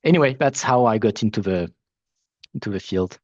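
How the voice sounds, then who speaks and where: A man with a French accent talks through a panel conversation in a chatty, self-deprecating way, pausing and restarting as he goes. His voice comes over a dry, lo-fi video call line with little room sound. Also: lowish voice, lively intonation, no room sound. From France. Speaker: founder of a facilitation platform, panel guest.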